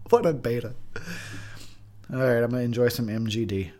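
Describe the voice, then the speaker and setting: A tipsy man giving crude, rambling drunken movie commentary, laughing often. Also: mid-range voice. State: drinking, tipsy.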